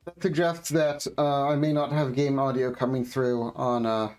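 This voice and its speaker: A man's voice: mid-range voice, flat delivery, moderate pace, darkish tone, faint music behind. A man co-hosting a game playthrough who chats in a playful, easily distracted way and asks a lot of questions. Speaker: co-host. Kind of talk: casual gameplay chat and reading game text aloud.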